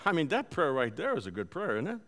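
A man preaching a conversational sermon, telling a personal story and moving between soft, quiet stretches and loud, animated bursts. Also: fairly high pitch, quick pace. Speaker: pastor. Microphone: live-streamed service.

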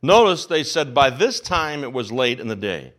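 A man's voice: mid-range voice, normal speed. A man in his fifties preaching a sermon, telling stories and acting out the voices of people in them. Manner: animated storytelling, acts out the voices of people in the story. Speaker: pastor.

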